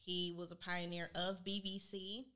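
A woman's voice: lowish voice, little pitch movement, moderate pace, pushed and bright. A woman chatting casually on a podcast, slangy and enthusiastic, full of "like". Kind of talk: casual chat.

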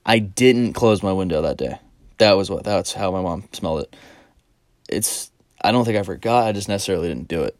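A man's voice: sits low, a little fast, a little mellow, no room sound, clean studio sound. A young man hosting a podcast who tells a rambling, profane story in a laid-back, casual way. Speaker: podcast host.

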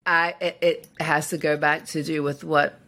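A woman co-hosting a podcast in casual chat, speaking haltingly with many restarts. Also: sits low, flat delivery, sharp tone. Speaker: podcast co-host.

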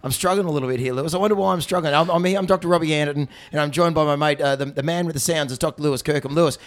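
An Australian man co-hosting a podcast as a vet, his voice hoarse and gravelly, rambling and joking with lots of fillers. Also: fairly high pitch, very fast, soft background music. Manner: rambling, jokey, many fillers. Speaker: podcast co-host, veterinarian. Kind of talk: casual chat.

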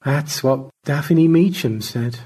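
A man's voice: slow pace, dark tone, husky. A man voicing George, a pompous, languid old space adventurer who talks in grand, wordy phrases. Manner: grandiloquent, high and theatrical.

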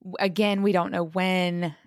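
A woman's voice: on the low side, fairly even intonation, moderate pace, no room sound, studio quality. A mother, co-hosting a casual podcast chat, rambling with lots of fillers and restarts. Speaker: podcast co-host.

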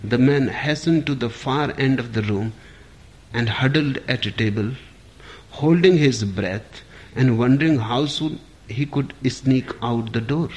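Slow, deliberate man giving a spiritual talk. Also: mid-range voice, a little mellow. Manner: slow, deliberate, with long pauses between phrases. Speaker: spiritual teacher. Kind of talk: spiritual discourse.

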